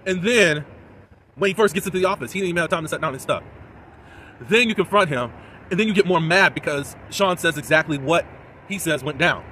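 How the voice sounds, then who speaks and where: Bright, slightly high male vlogger, animated recap host, faint outdoor traffic behind. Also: brisk. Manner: animated, mimics people in exaggerated high voices. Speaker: reality TV reviewer. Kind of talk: casual reaction commentary.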